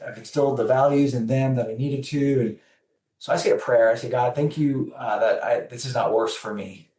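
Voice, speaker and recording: Recorded from afar in a reverberant space, this medium-pitched man is a podcast guest recounting something that happened to him. He performs the dialogue of each character with lively flair, storyteller-style, in an interview setting.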